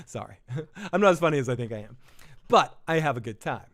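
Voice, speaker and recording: Male live-stream host recapping an episode, loose, profane, laughs at himself, medium pitch. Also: animated, brisk, fairly bright tone. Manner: casual, profane, laughing, self-deprecating. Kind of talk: live episode reaction commentary.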